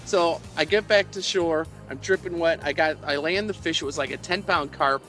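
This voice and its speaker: A man's voice: on the high side, moderate pace, fairly bright tone, soft background music. Chuckling man telling rambling fishing tales. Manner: chuckling, meandering, self-mocking. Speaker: fishing live-streamer. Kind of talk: rambling storytelling to a live chat. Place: outdoors by the water while fishing.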